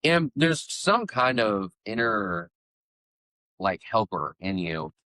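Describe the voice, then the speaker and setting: Very deep-voiced man telling a story. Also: slow pace, no room sound, low-quality recording. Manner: relaxed storyteller, repeats words. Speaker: podcast co-host. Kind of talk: casual chat, storytelling.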